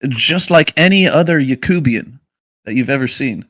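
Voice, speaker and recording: A man co-hosting a podcast swears and cracks deadpan jokes in casual chat. His mid-range voice moves at a moderate pace in a studio-quality recording with no echo.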